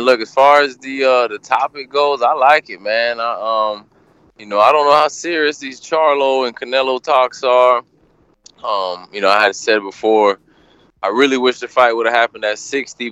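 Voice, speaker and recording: A man calling in to a talk show, relaxed and thinking out loud. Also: medium pitch, smooth, dry recording, poor audio. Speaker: caller. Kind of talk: casual call-in chat.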